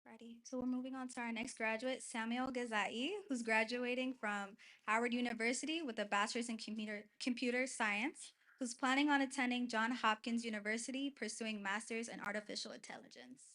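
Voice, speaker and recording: A woman's voice: fairly high pitch, steady tone, sharp tone. A woman announcing graduates at a church event, reading plainly with small restarts. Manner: plain, slightly halting reading with self-corrections. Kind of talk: reading introductions. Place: church hall.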